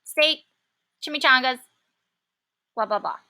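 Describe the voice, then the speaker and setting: A woman teaching a programming lesson, talking casually and thinking aloud with many pauses and fillers. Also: high voice, pushed and bright. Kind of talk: classroom coding lesson.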